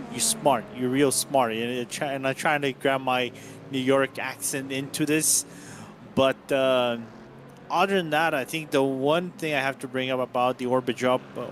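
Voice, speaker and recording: A man chats through a race as co-commentator in a mid-range voice. He talks in a halting, hesitant way and often stops to search for his words. Clear background noise runs under his mic. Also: medium pitch, a bit bright. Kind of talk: casual color commentary.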